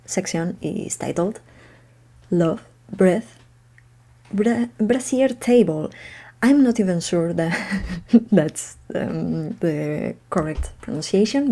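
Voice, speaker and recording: A woman's voice: lowish voice, mellow. A woman from Spain, hosting her podcast in a casual, unedited monologue, chatty and hesitant with frequent laughs. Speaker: podcast host. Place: home room.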